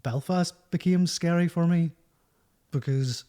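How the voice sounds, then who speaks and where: A man's voice: a little high, measured pace, dark tone, clear, resonant tone. A man, a musician telling rambling, self-mocking stories as a podcast guest. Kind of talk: storytelling podcast chat.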